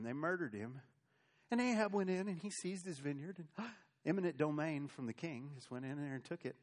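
An American man preaching a sermon, telling Bible stories in a folksy, conversational way. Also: mid-range voice. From United States. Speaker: pastor.

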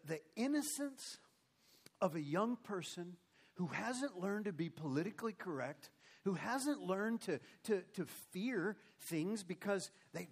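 A man's voice: high-pitched, slightly rough. A man preaching a sermon. He reads old scripture aloud, then comments on it with emotion and emphasis.

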